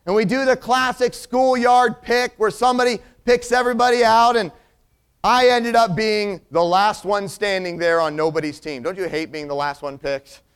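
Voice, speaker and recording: A man telling a personal story as a sermon illustration, animated and acting out the people in it. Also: sits high, normal speed, clear, resonant tone.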